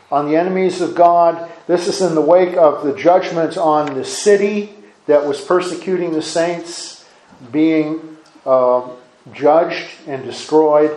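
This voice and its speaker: A man's voice: on the high side, darkish tone. A man giving sermon-style Bible teaching in an earnest way, often repeating and restarting his words. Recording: echoey room.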